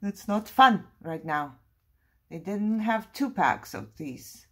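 A woman's voice: medium pitch, lively intonation, takes it slowly. A middle-aged woman vlogging about her crafts, thinking aloud in a chatty, playfully dramatic way. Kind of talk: casual crafting chat.

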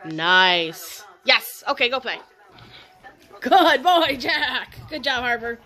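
A woman's voice: on the high side, lively intonation, takes it slowly, pushed and bright. A woman dog trainer at home, talking to her dogs with sing-song praise and short commands. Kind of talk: talking to dogs during play.

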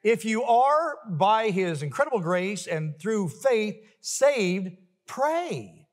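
A male pastor preaching a sermon emphatically, building to forceful refrains. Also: high voice, very animated, takes it slowly, hardly any pauses, in a large hall. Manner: emphatic, rising to forceful peaks with repeated refrains. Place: church sanctuary.

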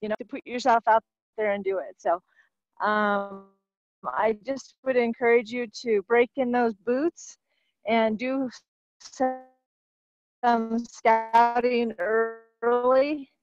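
A woman's voice: a little high, steady tone, no echo. Woman on a dull lo-fi call from the woods. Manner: encouraging, halting. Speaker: panelist. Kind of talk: casual talk from outdoors on a call. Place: outdoors in the woods.

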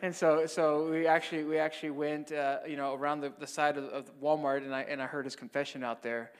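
A man's voice: on the high side, flat delivery, fairly quick, clean tone, long reverb tail. A man, a Catholic priest, giving a mission talk in a conversational storytelling way, often checking in with "right?". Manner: conversational, frequent "right?" tags.

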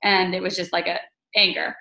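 A woman's voice: on the low side, level tone, a little fast, creaky, pushed and bright, low-quality recording. A young adult woman leading a team call, telling a candid personal story in a casual, chatty way with many fillers and restarts. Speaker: team leader on a group call.

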